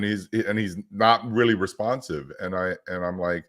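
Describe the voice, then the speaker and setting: Energetic low-voiced man telling a story. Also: moderate pace. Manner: energetic storyteller, acts out quotes. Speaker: podcast co-host. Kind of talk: casual chat.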